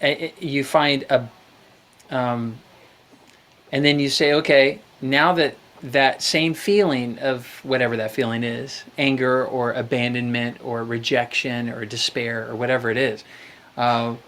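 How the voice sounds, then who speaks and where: A man's voice: medium pitch, steady tone, a little slow, a bit bright. A man hosting a live call-in show, talking reflectively about faith and therapy and quoting scripture. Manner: reflective, preachy, quotes scripture. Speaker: host.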